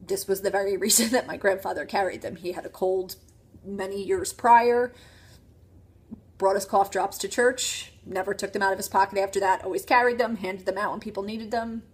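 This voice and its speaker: A woman in her thirties from New Jersey, telling a personal story to camera in an earnest, halting way with many ums and restarts. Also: mid-range voice, breathy edge. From New Jersey, USA. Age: 30s.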